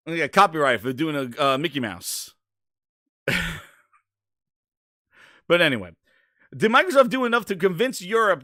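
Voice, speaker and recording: Swearing guy hosting a gaming show, high and super lively. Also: dry recording, studio quality. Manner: profane, animated ranting. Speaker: podcast host. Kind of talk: casual chat.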